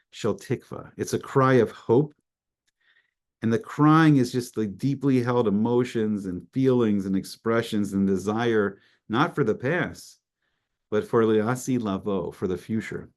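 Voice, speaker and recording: A man giving an earnest Torah class. He reads Hebrew phrases and then translates each one into English, building emphasis through repetition. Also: on the low side. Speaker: Torah teacher.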